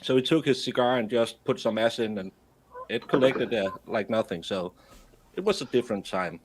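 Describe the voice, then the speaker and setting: A man's voice: medium pitch, moderate pace, slight background noise. A middle-aged Danish man, a baker, telling anecdotes in casual chat, with frequent restarts and a Danish first language. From Denmark. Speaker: guest, baker.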